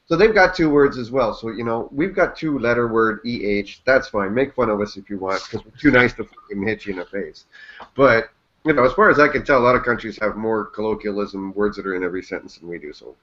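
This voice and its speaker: A man's voice: lowish voice, fairly quick, fairly bright tone. Canadian guy, casual co-host, rambling and cursing, dull lo-fi sound. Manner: rambling, swears freely, jokey. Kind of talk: casual chat.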